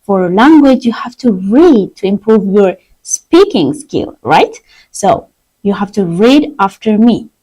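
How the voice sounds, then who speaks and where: Slow, lively woman teaching a language. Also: medium pitch, rough recording. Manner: drills words slowly for learners to repeat; non-native English with simple phrasing. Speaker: Chinese teacher. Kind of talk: live-streamed language lesson. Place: online live stream.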